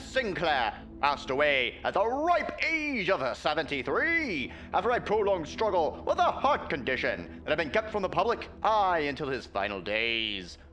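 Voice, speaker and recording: A man's voice: high voice, a bit bright, a little hiss or hum, pitched above the performer's own voice, full character voice. A man doing an old-timey male newsreader voice, reading a newspaper article aloud in a grand, sing-song period manner. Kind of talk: dramatic reading.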